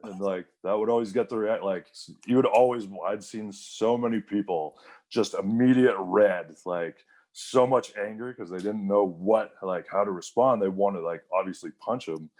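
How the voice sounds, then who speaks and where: A man's voice: on the low side, normal speed, darkish tone. A man in his thirties, a wrestler guest, telling rambling stories in a casual interview, full of fillers and quoted voices.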